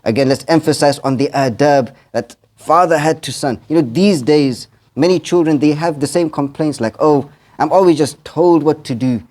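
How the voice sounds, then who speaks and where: A man's voice: mid-range voice, dark tone. A man, an imam, giving a sermon in the manner of an earnest storyteller, quoting Arabic verses and translating each one.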